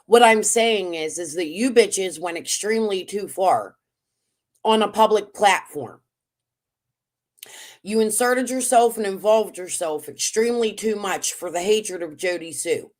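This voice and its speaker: A woman's voice: medium pitch, measured pace. A woman on a livestream, accusing and confronting others with emphatic insistence. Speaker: livestream guest. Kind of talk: heated casual commentary.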